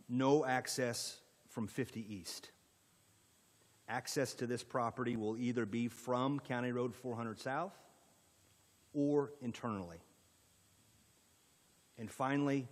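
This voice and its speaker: A man's voice: on the low side, big-room sound. A man with an Indiana accent presenting a rezoning proposal at a county planning meeting, in an orderly way with frequent fillers. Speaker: economic development presenter.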